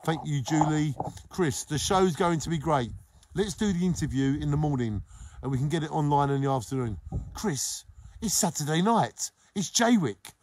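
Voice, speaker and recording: A middle-aged man from England chatting on a casual live stream with a fairly high voice. He is exuberant and sing-song, jumping from loud bursts to hushed asides as he greets viewers one by one. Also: expressive, moderate pace. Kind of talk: casual live-stream chat, reading comments.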